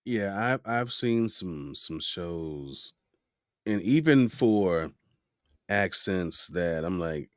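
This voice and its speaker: A man hosting a podcast interview in casual chat, lively and fond of mimicking voices in his stories. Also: sits low, extremely slow, no room sound, studio quality. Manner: animated, mimics voices in anecdotes. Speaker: podcast host.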